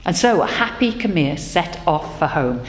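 A woman telling a folk tale to a group in a large hall, gentle with wry asides. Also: lowish voice, big pitch swings, moderate pace. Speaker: storyteller. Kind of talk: storytelling to an audience. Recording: echoey hall, faint noise.

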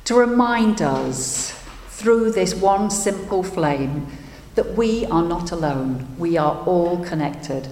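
A woman minister gently telling a story for all ages during a service, with some hesitation. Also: on the low side, expressive, slow, a little hiss or hum. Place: worship hall. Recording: echoey hall, faint ambience.

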